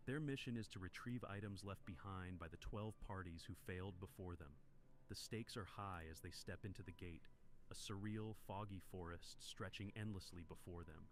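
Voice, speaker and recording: Very low-voiced male story narrator. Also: moderate pace, slight background noise. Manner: steady, dramatic storytelling.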